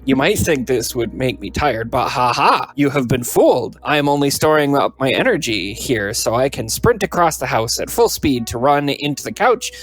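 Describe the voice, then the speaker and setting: A man voicing a cheeky, energetic deaf female cow dog, reading her diary entries in a playful, boastful way. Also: medium pitch, normal speed, few pauses, soft background music, lightly acted.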